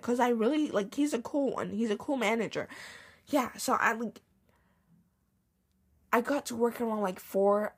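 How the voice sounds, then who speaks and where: A woman's voice: on the high side, normal speed, husky. A young woman hosting a podcast, telling a casual storytime rant with slang and swearing. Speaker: podcast host.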